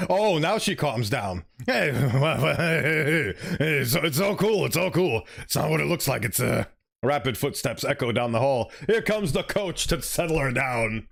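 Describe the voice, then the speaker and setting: A man's voice: a little high, very animated, unhurried, creaky, a bit bright. A man streaming a story game, reading it aloud and chatting animatedly, sometimes fumbling for words.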